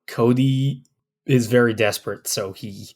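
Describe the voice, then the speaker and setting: A man's voice: mid-range voice, fairly even intonation, measured pace. A man playing a tabletop game, speaking in an earnest, hesitant way. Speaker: player.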